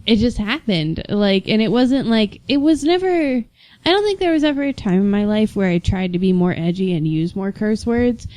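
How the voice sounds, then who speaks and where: A woman's voice: medium pitch, lively intonation, normal speed, a little mellow, dry recording. A young woman co-hosting a podcast in casual chat, rambling, swearing freely and laughing often. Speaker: podcast co-host.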